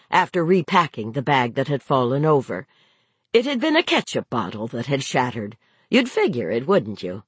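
A woman narrating a novel as an audiobook, in a measured, expressive storytelling manner. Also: fairly low pitch, slightly rough, no echo. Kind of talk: scripted narration.

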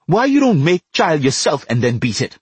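A man's voice: fairly high pitch, very animated, moderate pace, slightly rough, dry recording, pitched above the performer's own voice. Man doing a cheeky, defiant Trinidadian boy. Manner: shouting, taunting.

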